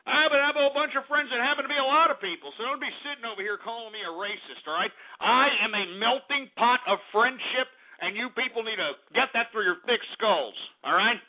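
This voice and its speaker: A man's voice: very high voice, quick pace, few pauses. Brash ranting man on lo-fi radio. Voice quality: loud, brash, ranting, swears often. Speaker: radio show host. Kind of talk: call-in radio rant. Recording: narrow phone-like radio sound with faint music.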